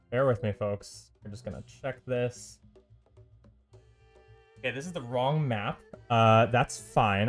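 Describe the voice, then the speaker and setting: Chatty male esports caster, filler-heavy. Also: mid-range voice. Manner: loose and chatty, lots of ums and uhs, dry sarcastic asides. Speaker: esports caster and stream host. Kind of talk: solo live game commentary.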